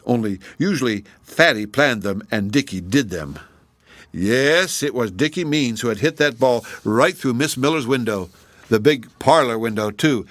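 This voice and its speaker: A man narrating a children's storybook in a gentle, expressive way. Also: medium pitch, no echo. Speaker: audiobook reader.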